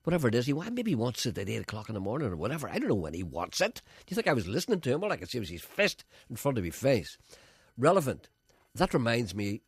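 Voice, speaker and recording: Brief: quick, husky male radio host, animated storyteller. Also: mid-range voice, no echo. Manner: animated storyteller, acting out voices. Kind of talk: casual studio chat and anecdote.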